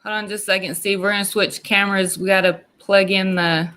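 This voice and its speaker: A host briefly pausing an interview to explain a camera switch, in a brisk, practical way. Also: medium pitch, level tone, sharp tone, smooth. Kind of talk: casual interview.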